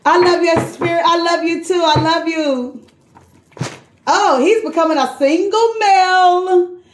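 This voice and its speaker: A high-pitched woman runs a loose, chatty tarot reading, cursing freely and calling her listener queen and sis. Her voice echoes around the room as she talks. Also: measured pace, slight background noise. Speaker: tarot card reader. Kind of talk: casual live tarot reading.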